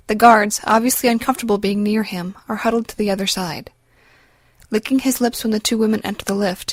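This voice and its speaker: A woman reading an audiobook in a measured, even storytelling voice, close to a studio mic. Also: medium pitch, no echo. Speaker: audiobook narrator. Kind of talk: scripted audiobook narration.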